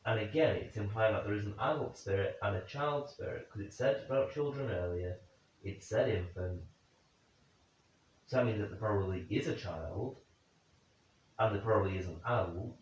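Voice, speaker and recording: A fairly low-voiced man works through his theories out loud and asks questions into an empty room, pausing to reason and second-guess himself. He sits some way from the mic, and the room rings with heavy echo. The sound is dull and lo-fi. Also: slight background noise. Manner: speculative, questioning, addresses spirits directly. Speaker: paranormal investigator. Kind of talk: thinking aloud during a night vigil. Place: indoor room at night. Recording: very echoey, distant, dull lo-fi sound.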